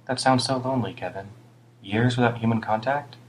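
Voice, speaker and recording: A man's voice: medium pitch, brisk, slight background noise, pitched above the performer's own voice, natural voice, low-quality recording. A man voicing a kind young woman with a French lilt. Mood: gentle.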